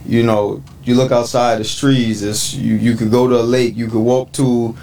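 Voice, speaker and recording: A man co-hosting a podcast, talking in a relaxed, reflective way with many affirmations. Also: mid-range voice, normal speed, far from the mic, slight background noise, rough recording. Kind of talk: casual chat.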